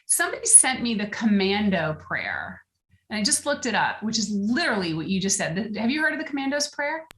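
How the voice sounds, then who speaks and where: A woman wellness coach talking in a casual interview, earnest and quick to laugh, at times reading aloud with feeling. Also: medium pitch, sing-song, fairly bright tone. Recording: roomy echo.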